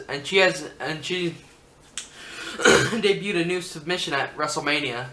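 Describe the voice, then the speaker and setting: Chatty man with a bright voice. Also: a little high, unhurried. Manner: rambling, chatty, lots of fillers. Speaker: wrestling vlogger. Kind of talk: casual fan commentary. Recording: roomy room echo, faint hum.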